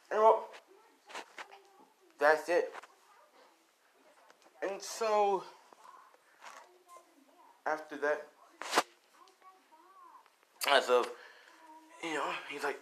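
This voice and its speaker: A young man spins an improvised story in a loose, rambling way, stopping and restarting with plenty of fillers. His pitch swings widely as he moves between narration and quoted lines, and a faint noise sits under the recording. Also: expressive, normal speed, pauses often, a bit bright.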